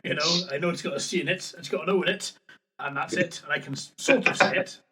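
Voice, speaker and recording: A man's voice: fairly high pitch, fast talker, bright, forceful tone. A man with a Swansea Welsh accent hosting a casual podcast chat. He banters, laughs easily and swears freely. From Wales. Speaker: podcast host.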